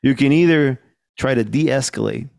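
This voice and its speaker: A man's voice: medium pitch, normal speed, creaky, a little mellow, no echo, studio quality. A man co-hosting a podcast, chatting casually about a film, joking around and laughing often. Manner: loose and joking, laughs often, peppers speech with "man" and "dude". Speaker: podcast co-host.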